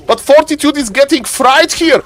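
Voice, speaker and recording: A man streaming live commentary on a strategy game, lively and playful, teasing his chat. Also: moderate pace. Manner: lively, playful, keeps saying "ladies and gentlemen"; shifts into a deeper joking voice for a subscriber.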